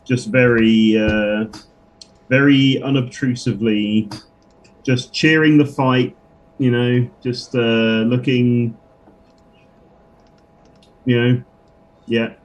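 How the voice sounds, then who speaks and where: A man playing a tabletop game, talking through his character's moves in a halting, casual way. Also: mid-range voice, fairly even intonation. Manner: halting, many fillers and restarts. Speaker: player.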